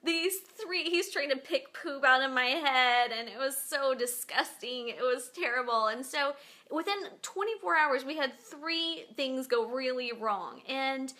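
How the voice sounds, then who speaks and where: A woman's voice: high-pitched, expressive, a little slow, bright, forceful tone. A woman hosting her own show, chatting casually to viewers from home and rambling through stories with lots of fillers. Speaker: podcast host. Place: at home beside her bed.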